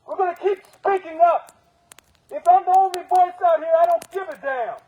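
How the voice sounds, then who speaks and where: A man's voice: extremely high pitch, phone-quality sound. A man speaking as a union steward at an outdoor protest, angrily firing off rhetorical questions and curses. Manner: angry, profane, rapid rhetorical questions. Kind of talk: protest speech.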